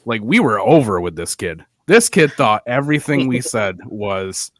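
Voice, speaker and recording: A man's voice: fairly low pitch, very animated, normal speed, no echo. A man co-hosting a podcast, telling a story in casual chat and laughing at his own punchlines. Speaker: podcast co-host.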